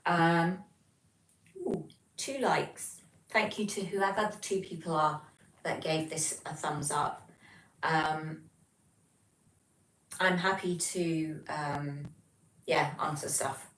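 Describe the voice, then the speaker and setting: A woman's voice: low-pitched, slow pace, pauses often, a bit bright, a little hiss or hum. A young English woman hosting a casual livestream, chatting and reading out viewer comments with lots of ums. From England. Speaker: livestream host. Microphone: phone. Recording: echoey room, mic far off.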